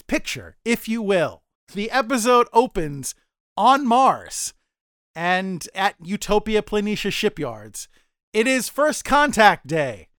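A man's voice: high-pitched, fairly bright tone, clear, resonant tone, no echo, studio quality. A man co-hosting a podcast, recapping a TV episode in a rambling, self-deprecating way with mock-dramatic asides. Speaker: podcast co-host.

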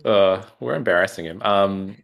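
A man's voice: low-pitched, moderate pace, gravelly, a bit bright. A young man hosting a casual podcast, laid-back and laughing often, with plenty of fillers. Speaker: podcast host.

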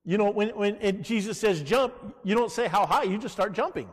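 A middle-aged male pastor preaches with a high, bright-edged voice that leaps up and down in pitch. He keeps pulling the congregation in with a questioning "Amen?". The sound rings with a long church reverb. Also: lively intonation, fairly quick. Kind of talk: sermon.

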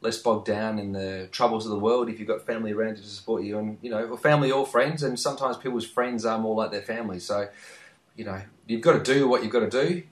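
A man's voice: on the low side, quick pace. Man in a roomy room. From Australia. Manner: earnest, emphatic, repeats phrases. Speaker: podcast co-host. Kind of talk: casual podcast chat.

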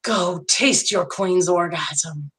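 A woman voicing a slow, cold villainous lord. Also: lowish voice, a bit bright. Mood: cold, taunting. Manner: slow, drawn-out taunting delivery. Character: sadistic cold male candy lord villain. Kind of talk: erotic audio story reading.

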